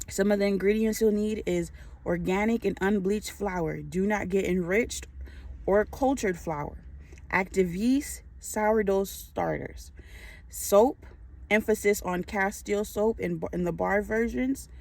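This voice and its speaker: Slow, deliberate woman reading a list. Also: mid-range voice, a little mellow. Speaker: faith-based preparedness vlogger.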